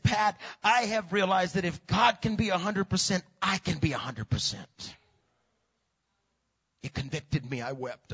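Bright, husky-voiced preacher man. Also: high-pitched, muffled recording. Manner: swings from hushed to shouting, repeats words. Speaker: pastor. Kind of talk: sermon.

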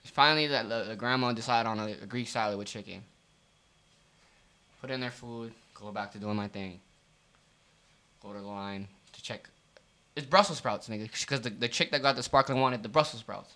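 A man co-hosting a podcast, telling a profane, animated story about his restaurant job with lots of fillers. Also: mid-range voice, normal speed, pauses often. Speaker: podcast co-host. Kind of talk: casual storytelling rant.

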